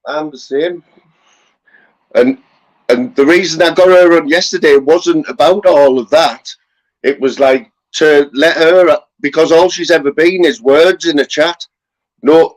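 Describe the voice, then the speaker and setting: A man's voice: a little high, rough recording. A man, a fellow streamer in a casual live chat, earnest and often asking "you know what I mean".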